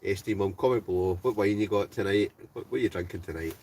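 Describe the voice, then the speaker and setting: A man's voice: deep voice, fast talker, darkish tone, distant mic. A Scottish man with an Ayrshire accent, chatty and joking as he hosts a live-stream quiz from inside a tent, talking straight to his viewers. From Scotland. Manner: jokey, chatty, laughs often, talks straight to viewers.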